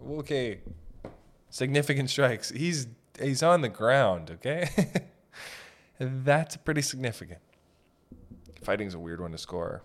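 A man's voice: medium pitch, very animated, slow pace, pauses often. A man hosting a casual comedy podcast, ranting in a profane, rambling way and laughing often. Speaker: podcast host.

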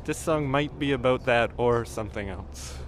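A man's voice: mid-range voice, normal speed. A man in a band, talking offhand and joking in a casual interview outside on a street. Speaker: band member. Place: outdoors on a city street outside a club. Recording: crowd chatter around the mic.

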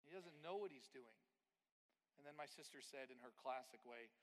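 A man preaching a sermon and telling a story in an animated way, at times acting out his sister's words. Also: high voice, normal speed. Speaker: pastor. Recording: long hall reverb.

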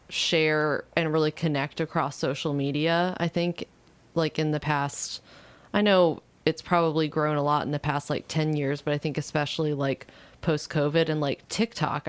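A woman's voice: deep voice, smooth, dry recording. A woman co-hosting a podcast, easygoing and thoughtful in casual chat. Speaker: podcast co-host.

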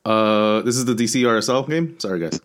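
A man on a casual sports prediction podcast, talking in a halting, hedging way with many restarts. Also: on the low side, lively intonation. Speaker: panelist.

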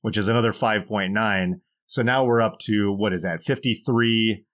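A man's voice: on the low side, moderate pace, a bit bright. A man co-hosting a podcast, reading poll results aloud with dry, wry asides in casual chat. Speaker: podcast co-host.

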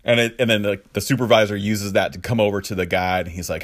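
Man giving a relaxed sermon, lowish voice, dry close sound, chatty and loose. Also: fast, hardly any pauses, no room sound. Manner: casual, lots of fillers and restarts, chuckling asides. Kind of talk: conversational sermon teaching.

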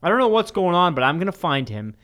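A man's voice: high-pitched, sing-song, quick pace, a bit bright. A man co-hosting a podcast, recapping a reality show in blunt, casual talk and getting heated. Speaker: podcast co-host.

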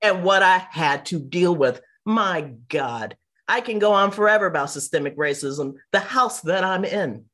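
Middle-aged lady chatting in an interview, animated, does little voices for people in her stories. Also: lowish voice, a little slow. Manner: animated, mimics people in quotes. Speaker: interview guest. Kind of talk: casual storytelling interview.

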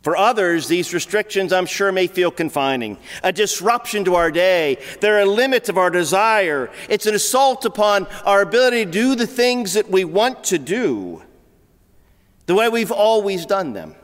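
Male pastor, high voice, earnest storytelling sermon with long hall reverb. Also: animated, moderate pace. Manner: earnest storyteller, repeats words as he goes.

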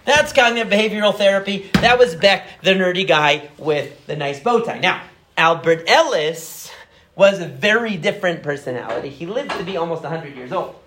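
Youngish guy rambling through a psych explainer, kinda high voice, echoey room. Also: lively intonation, normal speed, fairly bright tone, slight background noise. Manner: chatty, many fillers, rambling asides. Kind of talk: casual conversational explanation.

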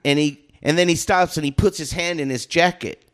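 A man's voice: fairly high pitch, fairly quick, clean tone. A man hosting a casual podcast, telling a story with lots of laughter and swearing. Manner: animated, laughs often, swears freely.

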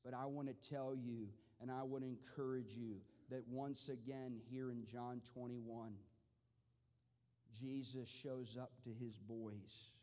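A man preaching a sermon with passion, moving from quiet, measured talk to loud, pleading outbursts. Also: medium pitch, level tone. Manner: impassioned, swings from quiet to shouting. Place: large church hall. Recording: long hall reverb.

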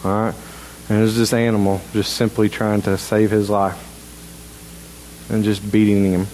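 A man preaching a sermon in a church in a halting, conversational way, full of restarts. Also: fairly low pitch, flat delivery, darkish tone, a little hiss or hum, poor audio. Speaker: pastor. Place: church sanctuary.

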